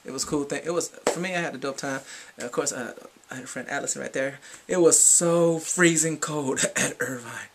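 A man giving a casual fan recap vlog, excitable and swinging between whispers and shrieks. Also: mid-range voice, fairly quick. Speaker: fan vlogger.

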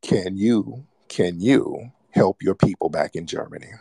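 Deep-voiced American male talk host, taunting and insistent, dry close mic. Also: measured pace, gravelly, mellow, slightly rough, no echo. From United States. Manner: mocking, insistent, repeats himself. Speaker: radio show host. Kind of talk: heated call-in argument.

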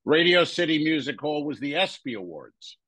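A stand-up comedian co-hosting a podcast, telling a rambling backstage anecdote full of crude jokes. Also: male voice, a little high, big pitch swings, normal speed, a bit bright, no echo, poor audio. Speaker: podcast co-host. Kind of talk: casual storytelling.

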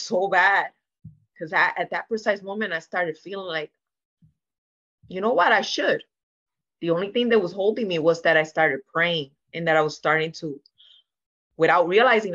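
A woman speaks as a guest in a candid sit-down podcast conversation. She tells her story earnestly and emotionally, slipping into the voices of the people she quotes. Her voice is bright and forceful, and the recording sounds a little dull and lo-fi. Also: lowish voice. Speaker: interview guest.

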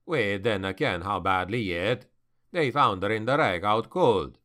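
A man voicing a fatherly male mercenary colonel with a Scottish accent, speaking gently and dryly. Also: lowish voice, lively intonation, measured pace, pitched below the performer's own voice. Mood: reporting.

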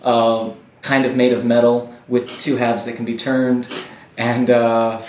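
A man as game master, narrating a tabletop game calmly, with fillers. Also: mid-range voice, measured pace, slight background noise. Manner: calm descriptive narration with fillers. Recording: echoey room, mic at a distance.

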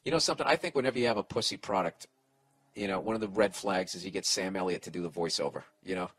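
Guy on a podcast ranting, swears a lot, bright forceful voice. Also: low-pitched, fast talker, slight background noise, rough recording. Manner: profane, blunt, sarcastic. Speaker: podcast host giving advice. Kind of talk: casual podcast rant.

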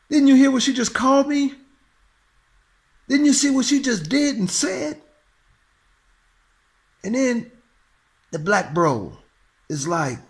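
A man in his thirties from Los Angeles telling a profane, animated story in a vlog rant. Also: sits high. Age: 30s. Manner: animated, profane, acts out voices. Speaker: vlogger.

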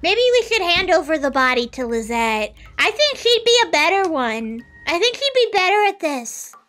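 A woman's voice: very high voice, very animated, normal speed, few pauses, fairly bright tone. A young adult woman streaming a horror game, joking and chattering chaotically at the screen in self-mocking live commentary.

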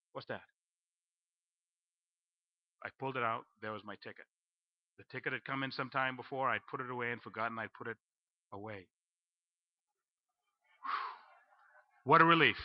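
A man preaching a storytelling sermon in church, acting out his own panic and dropping to a low hush for the voice of God. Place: church sanctuary. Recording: dull lo-fi live stream.

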